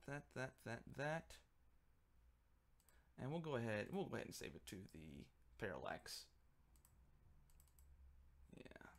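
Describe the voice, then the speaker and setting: Gravelly man rambling on a livestream. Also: on the low side. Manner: rambling, joking, muttering to himself. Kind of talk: casual livestream chat while working.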